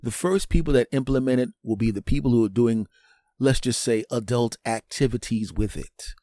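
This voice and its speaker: A man hosting a show, telling a comedic monologue with animated delivery, sudden pitch jumps and frequent asides asking "right?". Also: a little fast, dry recording, studio quality. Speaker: host.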